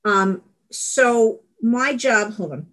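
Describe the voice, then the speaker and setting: A woman's voice: fairly high pitch, animated, very slow, fairly bright tone. A middle-aged woman giving a candid, rambling personal share at a support meeting, laughing at herself. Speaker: recovery meeting speaker.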